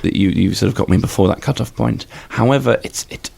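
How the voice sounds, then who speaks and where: A young man giving a deadpan, stammering comic interview, repeating words as he goes. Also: on the low side, brisk, creaky, breathy edge. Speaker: comedian guest. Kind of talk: improvised comedy interview.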